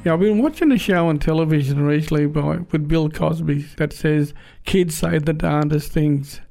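Gravelly, mellow-voiced middle-aged man. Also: on the high side, moderate pace, soft background music. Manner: homely, rambling, with frequent restarts. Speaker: storyteller. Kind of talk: casual spoken anecdote.

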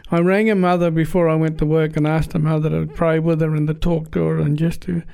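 A man's voice: fairly high pitch, level tone, brisk, gravelly, a little mellow, clean tone. A middle-aged man telling a homely family story in a casual, rambling way, often restarting his sentences. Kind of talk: casual spoken anecdote.

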